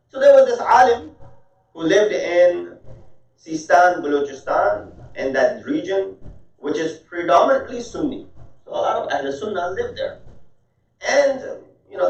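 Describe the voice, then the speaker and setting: Male preacher, animated storyteller, distant mic, dull lo-fi sound. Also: fairly high pitch, reverberant. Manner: animated storytelling with rising emphasis; mixes in Arabic and Urdu religious terms. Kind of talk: sermon storytelling. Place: mosque hall.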